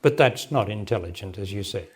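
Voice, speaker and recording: A man's voice: fairly low pitch, animated, fairly quick, husky. A man in his sixties, a spiritual teacher talking directly to a gathering and answering a question in plain words. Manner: direct, plain-spoken, laughs often. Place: meeting hall with audience. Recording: remastered 1998 talk recording.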